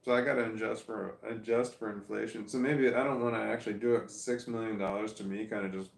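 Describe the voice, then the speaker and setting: A man's voice: fairly low pitch, steady tone, quick pace, vocal fry, reverberant. A middle-aged man in casual livestream chat, reading out viewer comments, rambling and self-mocking with frequent laughter. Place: room at home, seated in armchair. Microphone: phone.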